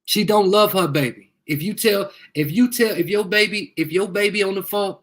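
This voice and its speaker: Speaking at a moderate pace with few pauses, a man with a high, somewhat bright voice rants into his phone during a live video. He's confrontational and swears, asking viewers for help again and again.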